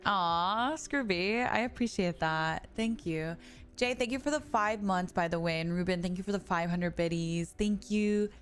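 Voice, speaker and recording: Streaming a game with music playing behind her, a young woman chats with her viewers in a relaxed way. Her fairly low voice moves at an ordinary speed, and she laughs and curses often.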